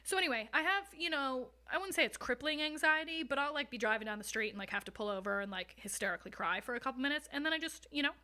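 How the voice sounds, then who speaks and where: A young woman appearing as a podcast guest speaks in a fairly high, bright voice, animated and fast with hardly any pauses. She candidly recounts hard personal stories in a frank, casual way, swearing freely and sometimes laughing.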